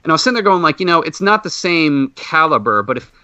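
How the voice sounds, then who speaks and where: A man hosting a podcast, telling a long casual story and acting out loud exclamations. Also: on the high side, fast, clear, resonant tone, no echo. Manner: animated anecdote with loud acted-out exclamations. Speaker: podcast host. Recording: dull muffled podcast audio.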